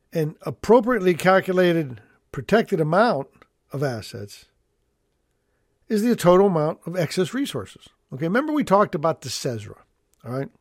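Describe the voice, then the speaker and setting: A man's voice: high-pitched, dry recording, clean studio sound. A middle-aged man, an estate planning attorney hosting an educational talk show, explaining rules in an emphatic, folksy way and repeating his key points. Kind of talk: educational radio-style talk.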